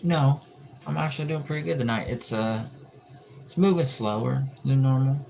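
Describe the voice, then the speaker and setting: A man's voice: mid-range voice, normal speed, creaky, a little mellow. A tired man chatting casually on a late-night livestream, joking and answering viewers' comments in a laid-back way. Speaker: livestream host. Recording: noisy livestream audio.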